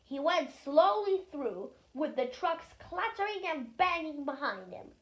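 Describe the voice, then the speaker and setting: A reader giving a lively, expressive storybook reading aloud. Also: high voice, unhurried.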